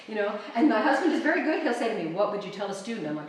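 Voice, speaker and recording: A middle-aged woman author telling animated stories to an audience, laughing often and acting out quoted lines. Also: mid-range voice, very fast. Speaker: author giving a library talk. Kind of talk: storytelling talk to an audience. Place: library event room. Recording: roomy, distant mic with faint ambience.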